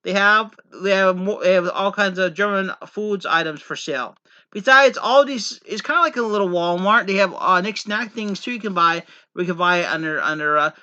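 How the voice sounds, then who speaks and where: Vlogger, male, from Pennsylvania coal country: very sharp, bright tone, repetitive and earnest, lo-fi audio. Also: high-pitched. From Pennsylvania coal region, USA. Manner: rambling, repetitive, earnest, many false starts. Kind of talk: casual rambling monologue to camera.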